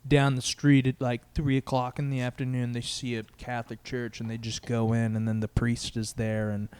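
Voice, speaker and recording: A man's voice: medium pitch, flat delivery, normal speed, darkish tone, clear, resonant tone. A young man co-hosting a podcast, chatting in a laid-back way with lots of fillers. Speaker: podcast co-host. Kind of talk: casual comedic chat.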